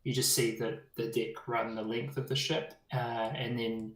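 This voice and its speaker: A man with a New Zealand accent narrating a tabletop game as game master, relaxed and pausing with ums as he describes the scene. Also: mid-range voice. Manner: relaxed, searching for words with ums. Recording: echoey room.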